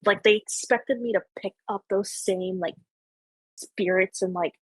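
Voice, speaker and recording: Young Canadian woman host, slightly husky, loose and rambling, lots of "like", dry close sound. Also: medium pitch, fairly even intonation, a little slow, dry recording. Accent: Canadian, Ontario. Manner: rambling, heavy on filler "like". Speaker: podcast host. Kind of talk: casual chat.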